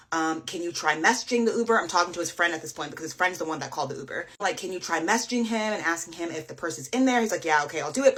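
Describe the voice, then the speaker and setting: A young woman telling a dating story casually, chatty and animated, acting out quotes. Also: fairly low pitch.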